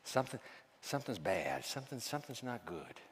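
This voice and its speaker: A man preaching a sermon as pastor, quizzing his congregation and dropping to hushed asides. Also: medium pitch, very animated, brisk, big-room sound, slight background noise.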